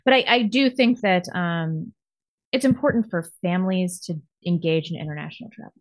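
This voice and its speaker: A woman's voice: lowish voice, a little fast, no room sound. A woman co-hosting a podcast, blunt and joking in casual chat. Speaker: podcast co-host.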